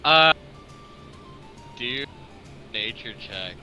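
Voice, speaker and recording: Bright, animated game master. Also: male voice, mid-range voice, extremely slow, dull audio, faint music behind. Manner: animated, laughs often. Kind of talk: narrating a tabletop game.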